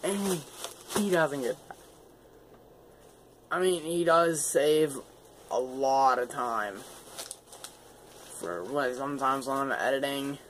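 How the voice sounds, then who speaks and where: A man's voice: mid-range voice, slow, long pauses, a bit bright. A young man vlogging casually while holding his phone, rambling and laughing at himself. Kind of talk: casual vlog. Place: outdoors. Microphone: phone held in hand. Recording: noisy outdoor phone recording.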